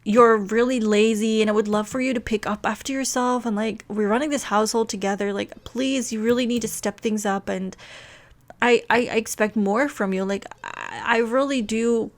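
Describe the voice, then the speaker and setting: A woman's voice: fairly high pitch, fairly even intonation, moderate pace, lightly acted. A woman voicing a fed-up young wife who sounds exasperated and pleading, in her own everyday voice.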